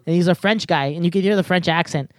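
A man's voice: sits high, quick pace, dry recording. A man in a casual gaming chat, explaining things at length with lots of "like" and "you know.".

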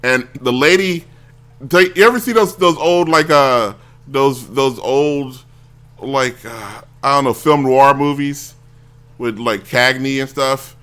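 Male talk show host, bright edge, rambles and restarts while telling stories. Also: mid-range voice, slow pace. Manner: rambling, self-interrupting, acts out quoted voices. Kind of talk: casual storytelling on a talk show.

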